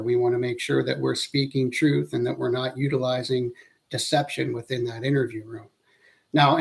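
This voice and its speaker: A male instructor delivering a training presentation, his voice sitting a little higher than most men's. He talks in a measured, earnest way, pausing to correct himself now and then as he explains each point.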